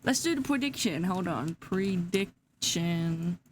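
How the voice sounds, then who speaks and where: Sleepy aussie girl streaming, slow drawl, giggles a lot, faint hum behind. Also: fairly low pitch, expressive. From Australia. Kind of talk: casual live-stream chat.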